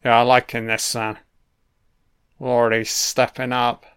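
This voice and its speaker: A man's voice: mid-range voice, monotone, takes it slowly, fairly bright tone, clear, resonant tone, no room sound, clean studio sound. A man giving a casual, blunt film commentary, swearing constantly and full of opinions.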